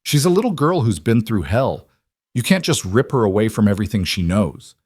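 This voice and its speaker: A determined young frontier wife speaks with urgent passion, voiced by a male narrator. Her lines sit above his normal pitch and stay close and dry. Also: sing-song, fairly quick, darkish tone, breathy edge, no room sound. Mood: fierce. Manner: impassioned, urgent.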